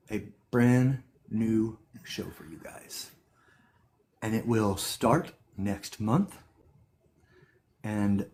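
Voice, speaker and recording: A man's voice: medium pitch, a little mellow. A man co-hosting a casual livestream, laid-back and playful, full of slang. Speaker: livestream co-host.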